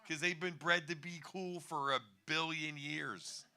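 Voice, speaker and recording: A man's voice: on the high side, fairly even intonation, a little slow, bright, forceful tone, clean tone. A man in his fifties doing a stand-up comedy set on a bar stage, wry and rambling, chuckling at his own jokes.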